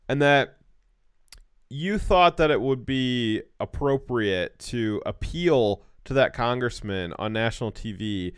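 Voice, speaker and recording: Animated male political talk host. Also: mid-range voice, clean tone, no room sound, clean studio sound. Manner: animated, restarts words often. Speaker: show host. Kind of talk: casual political commentary.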